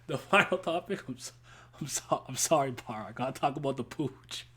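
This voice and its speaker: A man's voice: medium pitch, a little fast, a bit bright. A man hosting a casual podcast chat, telling a rambling story and breaking into laughter often. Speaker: podcast host.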